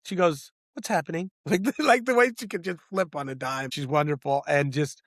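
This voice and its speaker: A middle-aged man, a screenwriter and director, talking in an interview in an animated, rambling way with many restarts. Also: fairly high pitch, normal speed, dry recording, clean studio sound. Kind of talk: interview conversation.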